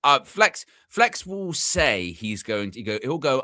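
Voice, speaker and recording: Brief: male co-host, bright forceful tone, dry close mic, animated banter. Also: takes it slowly, no echo. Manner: animated, mimics friends in high voice. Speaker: co-host of fan show. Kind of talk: casual football chat.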